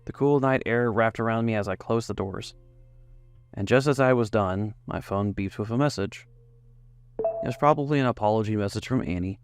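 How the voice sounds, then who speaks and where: A man's voice: lowish voice, moderate pace, clear, resonant tone, dry recording, faint music behind. A man narrating a first-person romance story in an emotive reading style.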